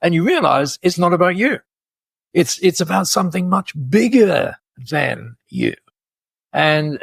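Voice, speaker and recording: A man in his later years with a gravelly, husky voice, pitched a little high for a man. He tells stories in a lively, animated way, laughing as he goes and often restarting his sentences. The sound is dry and close. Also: dry recording. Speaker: podcast guest, speaker. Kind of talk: storytelling in conversation.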